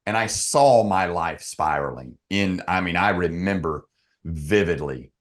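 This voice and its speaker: Deep-voiced male podcast guest, earnest, halting, emotional storyteller. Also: expressive. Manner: earnest, halting with frequent restarts.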